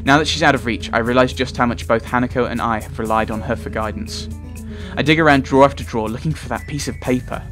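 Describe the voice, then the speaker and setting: A man's voice: mid-range voice, fast talker, over music. Chatty man reading a visual novel. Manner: chatty, laughs at his own reading slips. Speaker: let's player.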